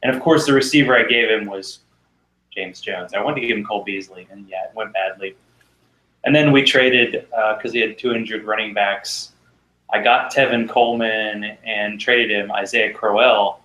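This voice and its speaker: A man's voice: lowish voice, normal speed, bright, forceful tone. A man hosting a casual fantasy football chat, talking in a rambling, wry way. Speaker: podcast host. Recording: roomy echo.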